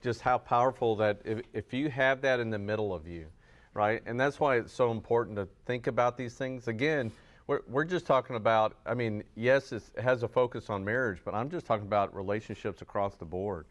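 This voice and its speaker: A man therapist co-teaching a couples workshop at a church, telling stories in a halting, laughing way. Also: medium pitch. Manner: storytelling, halting with restarts and little laughs. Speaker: marriage and family therapist co-teaching a couples class. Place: church hall.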